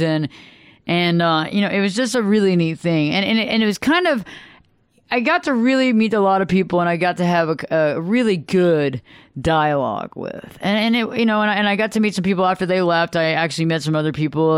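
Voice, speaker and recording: A male radio host telling a story in a chatty, animated monologue, often restarting sentences and acting out what others said. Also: high-pitched, smooth, no echo, clean studio sound. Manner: animated, chatty, frequent restarts and acted-out quotes.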